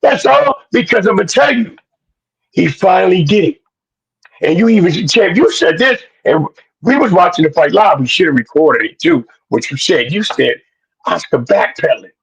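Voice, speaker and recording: A man co-hosting a boxing podcast, loud and preachy, full of slang, sometimes shouting. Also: high voice, lively intonation, moderate pace, vocal fry, breathy edge, muffled recording. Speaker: podcast co-host. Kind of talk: animated boxing talk.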